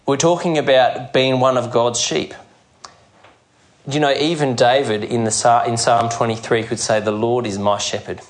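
A man preaching a sermon, earnest and measured, acting out the scripture scenes he tells. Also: medium pitch. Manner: earnest, measured preaching with dramatic quoted voices. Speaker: pastor.

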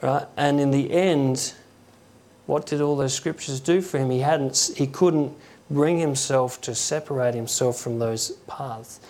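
A man giving an informal sermon in a halting, conversational way, often restarting his words and acting out quotes. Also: mid-range voice, a little mellow. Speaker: preacher.

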